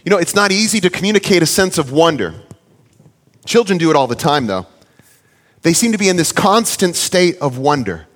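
A man in his thirties preaching a sermon, earnest and storytelling, sometimes playfully animated. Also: on the high side, fairly quick, long reverb tail. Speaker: pastor.

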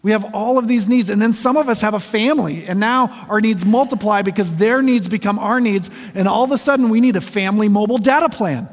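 A pastor in his forties preaches a sermon in a high voice, talking fairly quickly with few pauses. His delivery is conversational and self-deprecating, dotted with humorous asides. The long reverb of a large hall surrounds him.

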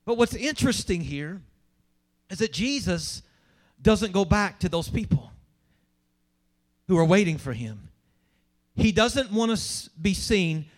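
High-voiced man preaching a sermon. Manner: emphatic preaching, asks the congregation questions. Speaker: pastor.

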